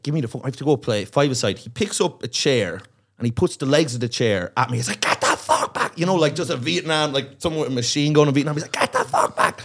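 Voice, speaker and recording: A man's voice: a little high, slightly rough. A man telling a long, profane story on a comedy podcast, acting out the voices of the people in it. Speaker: comedian guest.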